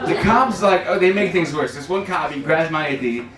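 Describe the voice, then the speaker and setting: A young man doing a stand-up set, self-deprecating with dark jokes and loud shouted punchlines. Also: on the high side, animated, brisk, distant mic. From New York City. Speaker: stand-up comedian. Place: comedy club stage, live crowd. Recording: roomy live club audio with crowd laughter.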